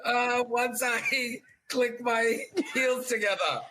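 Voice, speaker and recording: A woman doing a halting, laughing impression of an Austrian action-hero strongman. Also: a little high, background noise, pitched above the performer's own voice. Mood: giggly strain.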